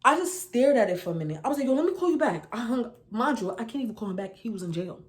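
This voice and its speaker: Animated young woman with a New York accent. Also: fairly high pitch, fast talker. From New York City. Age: 20s. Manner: animated, slangy, acts out quoted voices. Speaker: vlogger. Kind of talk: casual storytime.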